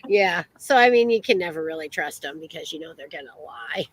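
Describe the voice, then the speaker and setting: A woman's voice: sits low, lively intonation, a little fast, slightly rough, no room sound, poor audio. An American woman co-hosting a casual podcast chat, rambling with many fillers and restarts. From United States. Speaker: podcast co-host.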